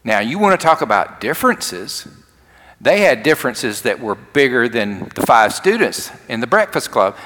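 In his sermon, a pastor narrates a story and performs the characters' dialogue, his medium-pitched voice swinging widely in pitch at a normal speed. Background noise is present, and the hall gives a long reverb.

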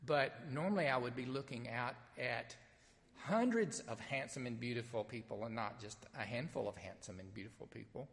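A man with a Southern accent, a pastor from Mississippi, preaching an Easter sermon in a folksy storytelling way with gentle humor. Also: medium pitch, expressive, moderate pace, vocal fry, in a large hall. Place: sanctuary with only a few people present.

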